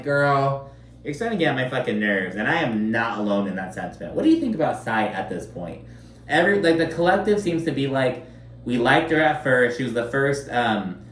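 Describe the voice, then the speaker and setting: Profane, chatty man recapping reality TV. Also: mid-range voice. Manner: chatty, profane, sarcastic, many fillers. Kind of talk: casual recap commentary. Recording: roomy echo, slightly distant mic, faint background noise.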